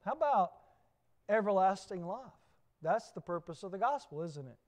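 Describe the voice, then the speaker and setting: A man preaching in a Southern US accent, his voice sitting notably high for a man. He drives his points home with repeated phrases and questions put to the congregation, in the steady rhythm of a sermon. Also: normal speed.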